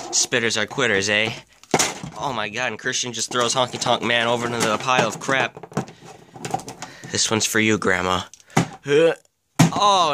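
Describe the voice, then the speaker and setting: A man calling a mock wrestling match with excitable play-by-play commentary and deadpan asides. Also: mid-range voice, heavy background noise.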